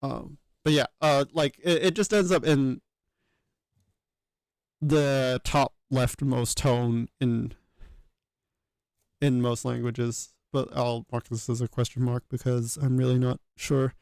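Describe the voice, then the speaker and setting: A man's voice: medium pitch, fairly even intonation, slow, darkish tone, clear, resonant tone, no echo. A man thinking aloud as he works, hesitant, with many fillers and self-corrections. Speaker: channel host working through a reconstruction. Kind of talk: thinking aloud while working.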